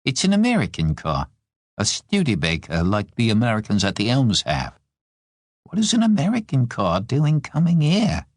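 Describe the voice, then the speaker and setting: A man's voice: medium pitch, huge pitch swings, no room sound, studio quality, voice pushed up. A male audiobook narrator voicing a proud young widow who is curt and easily exasperated. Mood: startled. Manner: curt, exasperated, quick to snap. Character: young grieving Australian widow, proud and sharp-tongued. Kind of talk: audiobook character voice.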